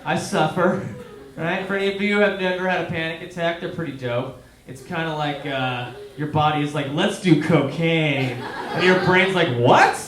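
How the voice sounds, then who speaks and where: A man's voice: fairly high pitch, fairly even intonation, brisk, a bit bright. A man doing a stand-up comedy set in a small theater, talking to the crowd and asking them questions. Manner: conversational, asks the crowd questions. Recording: roomy live theater recording with crowd. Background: audience laughing.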